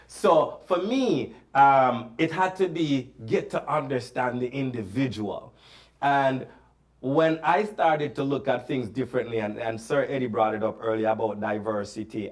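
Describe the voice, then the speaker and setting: Man from Jamaica, mid pitch, earnest and reflective panel guest. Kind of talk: discussion answer.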